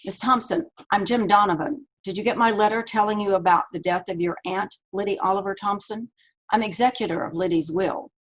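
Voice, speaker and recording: Lady reading a pushy formal lawyer guy, impatient, keeps pressing, husky voice. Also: mid-range voice, brisk, lightly acted. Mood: insistent. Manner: insistent, formal. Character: persistent older male lawyer, impatient.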